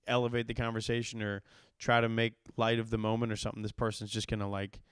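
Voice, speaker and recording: This man, a comedian in his thirties, speaks fast in a lowish, smooth voice as he tells a profane, animated story on his podcast and acts out what people said. The sound is clean studio audio with no echo.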